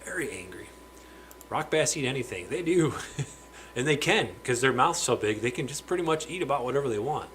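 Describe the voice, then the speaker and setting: A man hosts a relaxed live stream from a home fish room, talking at a middling pitch. He chats loosely and greets viewers by name, and he sometimes trips over his words. A faint background hum runs under his voice. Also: a little fast, low-quality recording. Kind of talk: casual live stream chat.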